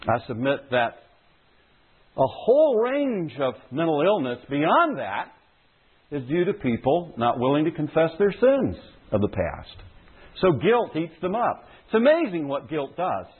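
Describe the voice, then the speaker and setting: Pastor, male, husky voice, lively sermon delivery, tinny phone-like recording. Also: fairly high pitch, measured pace. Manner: emphatic, repeats key phrases for stress.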